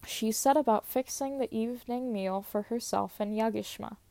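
A woman's voice: a little high, normal speed, gravelly, warm tone, no echo. A young woman casually reading old stories aloud, stumbling over words and swearing in asides. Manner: stumbles and laughs at own slips, swears in asides. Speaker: storyteller.

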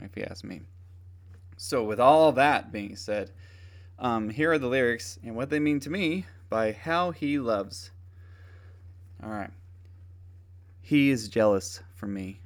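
A tired man talking earnestly and casually about his faith as a podcast host, rambling with fillers and restarts. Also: on the low side. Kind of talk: casual devotional talk.

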